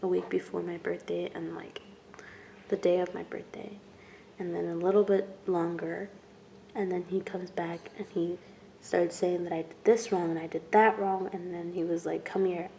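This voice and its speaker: A young woman telling her own story in a vlog, speaking softly and haltingly, with long pauses and words that trail off into whispers. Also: fairly low pitch, little pitch movement, vocal fry, slight background noise. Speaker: vlogger. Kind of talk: personal testimony vlog.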